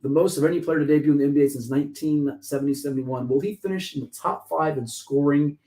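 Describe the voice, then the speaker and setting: A man hosting a sports talk show, talking fast and joking excitedly with his co-host. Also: a little high, low-quality recording. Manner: fast, excitable, jokey and talkative.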